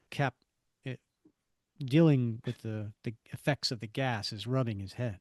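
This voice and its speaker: A man's voice: mid-range voice, measured pace, a little mellow, dry recording, clean studio sound. A man co-hosting a podcast, reading comic narration and dialogue aloud. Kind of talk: comic book read-through podcast.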